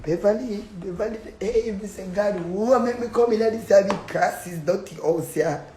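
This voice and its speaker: A woman's voice: medium pitch, moderate pace. A woman with a Jamaican accent trades insults with her landlord in a real-life row. She curses in thick patois and taunts with laughter between her jabs. A faint noise runs underneath her voice. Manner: loud cursing patois, taunting with bursts of laughter. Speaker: tenant in a dispute. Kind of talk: heated real-life argument.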